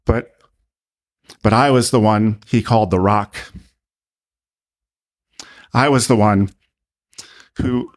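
An ashamed and worn-out disciple, speaking muffled and low in a retold story. A man reads him near his own voice. The voice stays deep and heavy with remorse. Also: fairly even intonation, slow pace, pauses often. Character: remorseful male fisherman disciple, ashamed and exhausted.

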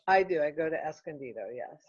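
Woman, middle-aged, low voice, heartfelt, dull dry lo-fi sound. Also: animated, husky, no echo. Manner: earnest, heartfelt, halting. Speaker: guest, real estate broker. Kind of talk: casual interview chat.

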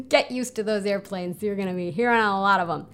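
A woman's voice: mid-range voice, moderate pace, clean tone. A woman hosting a casual solo podcast from home, chatty and self-mocking, with lots of fillers. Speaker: podcast host. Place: home under a flight path, planes overhead.

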